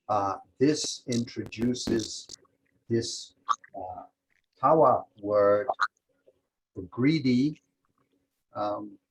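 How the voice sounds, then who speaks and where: A man's voice: fairly low pitch, husky, low-quality recording. A man teaching a language lesson over a video call, methodically walking through example sentences step by step.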